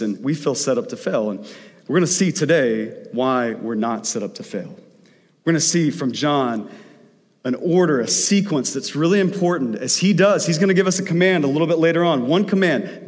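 Brief: male pastor, slightly high voice, chatty storytelling sermon, long hall reverb. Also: animated, normal speed. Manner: conversational storytelling preaching.

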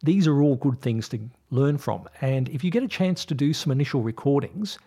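A man hosting a podcast, casually explaining practical tips in a relaxed, steady way. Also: medium pitch, normal speed, husky. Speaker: podcast host. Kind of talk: casual advice talk.

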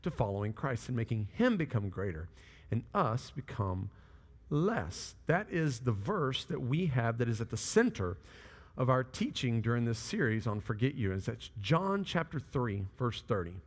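A male pastor preaching a sermon, telling stories in a lively way and acting out the people he quotes. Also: mid-range voice, normal speed, long reverb tail. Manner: animated storytelling with quoted voices.

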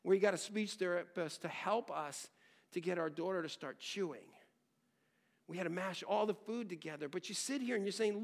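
A man's voice: sits high, normal speed. A man preaching a sermon as a pastor, earnest and conversational, weaving in personal stories.

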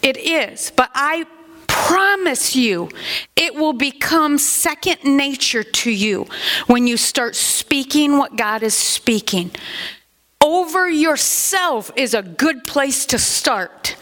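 An older woman pastor preaching a sermon in a chatty, animated way, with asides to the congregation. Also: high-pitched, slow.

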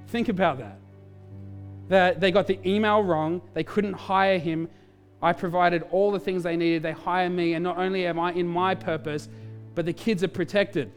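Male pastor, lively sermon storytelling, faint music underneath. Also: high-pitched. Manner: animated storytelling, quick asides.

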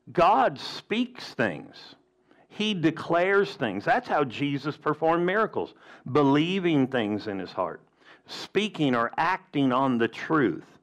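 A man preaching a sermon with emphatic delivery and rhetorical questions. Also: a little high. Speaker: pastor.

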